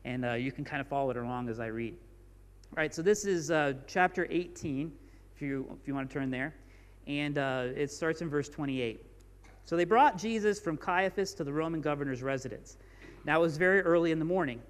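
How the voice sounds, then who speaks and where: In a church sanctuary with the echo of a large hall, a high-voiced male pastor preaches informally, reading scripture aloud with mounting emphasis.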